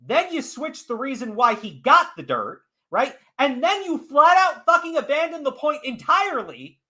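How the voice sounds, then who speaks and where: A man's voice: very high voice, big pitch swings, normal speed, sharp tone. A man hosting a podcast, delivering a heated, profane rant of commentary with lots of emphasis. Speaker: podcast host. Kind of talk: ranting commentary.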